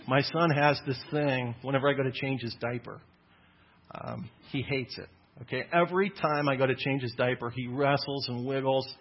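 A man in his thirties giving a Christian apologetics talk to an audience, lively and acting out the voices he quotes. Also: mid-range voice, normal speed. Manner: animated, acts out quoted voices. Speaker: Christian speaker. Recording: dull lo-fi sound.

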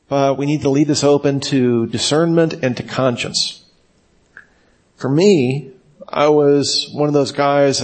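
A middle-aged man speaks as a pastor leading a teaching session at a mid pitch. His delivery is conversational and story-driven. He slips in wry asides as he goes. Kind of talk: sermon-style teaching talk.

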